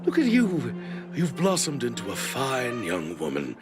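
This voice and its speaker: A man's voice: mid-range voice, huge pitch swings, unhurried. An actor voicing a courteous elderly male caretaker in a video game, speaking formally and kindly. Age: older. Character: old loyal male caretaker, courteous and kind. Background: game soundtrack music.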